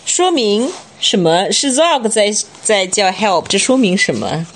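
A woman leads a slow, unhurried storybook lesson. Her pitch leaps wildly as she acts out the characters' lines. She stops often to explain words. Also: sing-song, slight background noise. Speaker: parent reading teacher. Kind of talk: bilingual picture-book read-aloud lesson.

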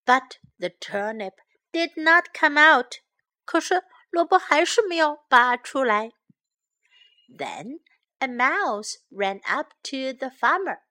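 With a lively storybook delivery, a woman with a high-sitting voice reads a children's story aloud in two languages. She's teaching English, repeating phrases slowly and clearly for learners.

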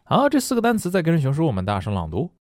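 A man's voice: a little high, huge pitch swings, very fast, darkish tone, dry recording, clean studio sound. A man teaching an English lesson in a playful, jokey way. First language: Chinese. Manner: playful, jokey, switches between languages. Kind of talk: lively English lesson with story reading.

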